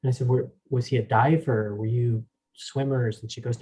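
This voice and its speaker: Guy hosting a meetup over a video call, mellow voice, lots of ums and restarts. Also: medium pitch, fairly even intonation, low-quality recording. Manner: halting, many restarts and fillers. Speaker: meetup host. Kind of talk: casual storytelling on a video call.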